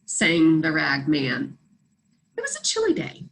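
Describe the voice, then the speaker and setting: Lady reading a kids storybook out loud, really animated, slow and lilting, kinda high. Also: vocal fry, low-quality recording. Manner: animated, expressive. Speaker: storybook reader. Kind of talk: reading a children's storybook aloud.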